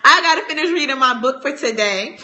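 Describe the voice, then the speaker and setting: A woman's voice: high-pitched, lively intonation, a little fast, bright, forceful tone. Playful laughing woman livestreaming. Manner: playful, laughing, teasing, uses y'all and ain't. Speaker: speaker and trainer hosting a livestream. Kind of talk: casual livestream chat to viewers.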